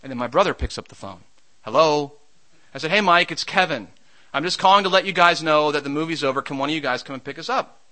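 A man preaching a sermon, mixing Scripture with a lively personal story. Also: fairly high pitch, quick pace, poor audio. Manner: storytelling, shouts during a comic anecdote.

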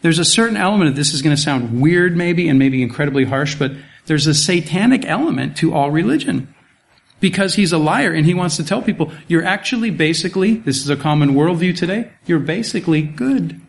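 A man preaching an expository sermon, animated, with rhetorical questions and sarcastic asides, at times dropping to a soft low voice for emphasis. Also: fairly quick, gravelly. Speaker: pastor.

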